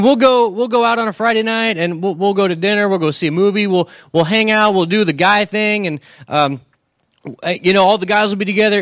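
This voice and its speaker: Preacher guy, fairly high voice, cracking jokes in his sermon, keeps asking "right?", dry close sound. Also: a bit bright, no echo. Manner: joking storyteller who keeps asking the crowd "right?". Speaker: pastor. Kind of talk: humorous sermon.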